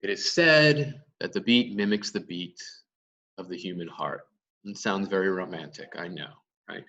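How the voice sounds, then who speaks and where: A man's voice: deep voice, moderate pace, fairly bright tone, far from the mic, muffled recording, slight background noise. A male teacher giving a lecture, explaining step by step and answering his own questions. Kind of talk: classroom lecture.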